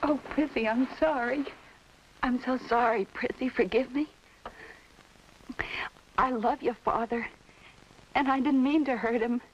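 A woman's voice: high voice, moderate pace, slight background noise, natural voice. An actress playing a distraught young wife and mother who speaks emotionally, on a muffled old TV soundtrack. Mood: remorseful. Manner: pleading, emotional.

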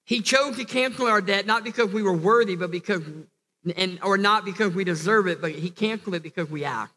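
His voice high, brisk, pushed and bright, a man preaches as pastor in a church hall whose long reverb lingers. He's earnest, frequently repeating and restarting phrases and building to emphatic climaxes.

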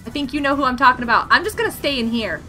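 A woman live streaming a game, excitable and chatty, laughing and yelling at what happens on screen. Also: sits high, rapid-fire, soft background music.

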